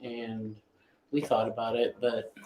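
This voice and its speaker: A man's voice: medium pitch, completely flat delivery, slow, warm tone, a little hiss or hum. A man hosting a casual live-stream chat, hesitant and often restarting his phrases. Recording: roomy echo.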